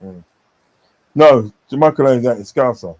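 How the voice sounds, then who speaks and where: A man's voice: medium pitch, normal speed, a little mellow, low-quality recording. A man hosting a live football stream, chatting bluntly and reading viewer comments aloud. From English Midlands. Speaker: stream host. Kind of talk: casual live stream chat.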